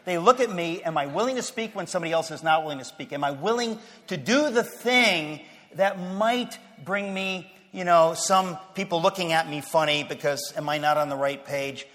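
A man giving an impassioned sermon-style speech to a Christian audience, emphatic and fervent, swinging from low, quiet passages to loud declarations. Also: normal speed. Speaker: speaker addressing a Christian audience. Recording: long hall reverb, faint crowd.

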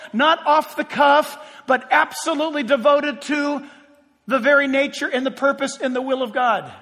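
A man's voice: very high voice, a bit bright, in a large hall. A pastor preaching a sermon to his congregation, talking directly and putting rhetorical questions to them.

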